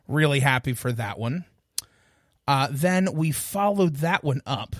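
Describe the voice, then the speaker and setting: A man's voice: mid-range voice, slow, dry recording. A man co-hosts a music podcast, chatting loosely and cracking jokes at his own expense. His voice sits in an ordinary middle range. The sound is dry and close, with no room behind it. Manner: joking, rambling, self-deprecating. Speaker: podcast co-host. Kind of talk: casual podcast chat.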